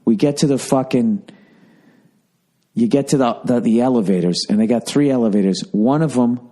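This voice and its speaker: A man's voice: mid-range voice, moderate pace, dark tone. A man in his forties with a Boston accent, telling a rambling, profane, sarcastic story in a casual comedic monologue. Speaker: podcast host.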